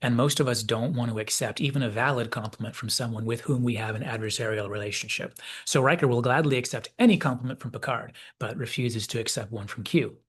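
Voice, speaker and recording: A man delivers a measured, reflective commentary in a husky, slightly breathy voice at an ordinary male pitch. He walks through the ideas step by step, pausing to read quoted dialogue. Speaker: video essay host. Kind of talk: analytical commentary.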